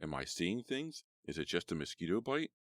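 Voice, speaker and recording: A man's voice: deep voice, sing-song, no echo, clean studio sound. A man playing an urgent, insistent teenage boy. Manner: urgent, rapid pleading. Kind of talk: audiobook character voice.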